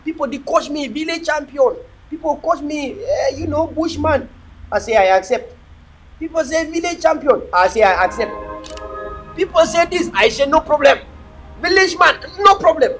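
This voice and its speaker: Filming outdoors on a phone camera he turns himself, a motivational speaker with a Cameroonian English accent talks casually to livestream viewers. His voice is extremely high-pitched, he repeats words for emphasis, and the recording is rough.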